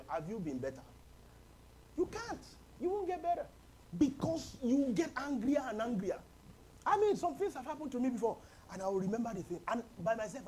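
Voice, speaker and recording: A pastor preaches a lively, humorous sermon, chuckling often and calling on the congregation to answer back. His voice is very high-pitched with a darkish tone. The recording is rough, with slight background noise.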